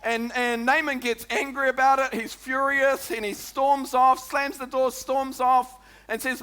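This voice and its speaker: This sermon comes from a New Zealand pastor whose very high voice is bright, forceful, clear, and resonant. He keeps a measured pace while speaking in a lively, chatty way, dropping in "come on" and "eh?"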